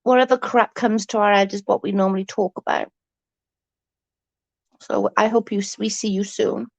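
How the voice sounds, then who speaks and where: A woman's voice: medium pitch, fairly even intonation, moderate pace, creaky, no room sound, muffled recording. A woman chatting to viewers on a casual late-night livestream from her bed, rambling and swearing freely.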